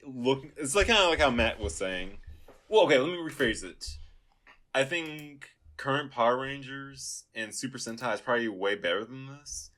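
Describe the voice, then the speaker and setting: Rambling excitable man chatting. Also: mid-range voice. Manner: excitable, rambling with many fillers. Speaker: podcast co-host. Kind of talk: casual chat.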